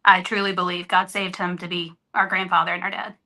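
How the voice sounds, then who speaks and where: A woman's voice: on the low side, little pitch movement, fairly quick, sharp tone. A woman guest on a podcast, speaking earnestly and openly in candid conversation. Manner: earnest, openhearted storytelling. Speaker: interview guest.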